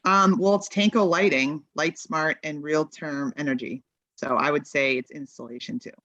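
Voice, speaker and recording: A woman's voice: deep voice, steady tone, normal speed, a bit bright, no echo, muffled recording. A woman advising a town committee in a meeting, explaining options in a practical, think-aloud way over remote-call audio. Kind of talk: meeting discussion.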